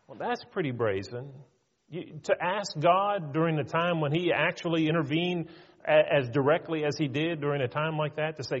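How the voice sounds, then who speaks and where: A man's voice: on the high side, moderate pace. A man preaching a sermon with earnest emphasis and rhetorical questions, in a church hall. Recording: reverberant hall, dull lo-fi.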